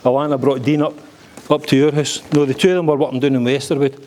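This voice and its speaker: A man's voice: mid-range voice, little pitch movement, quick pace, a little mellow, slight background noise. A middle-aged Scottish man giving a joking, blunt father-of-the-bride speech at a wedding reception, swearing freely.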